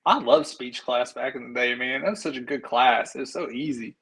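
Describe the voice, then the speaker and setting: A man's voice: mid-range voice, a little fast, fairly bright tone, husky, rough recording. A man, co-hosting a podcast and chatting casually, telling stories and acting out the quotes. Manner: chatty storyteller, acts out quotes. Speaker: podcast co-host. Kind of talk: casual chat.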